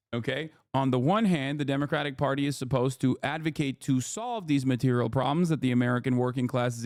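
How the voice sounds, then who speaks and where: Heated male streamer, slightly high voice, dry close sound, swears a lot. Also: no room sound. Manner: heated, ranting, heavy swearing; emphatic, repeats "okay?". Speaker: streamer and political commentator. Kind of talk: live-stream political commentary.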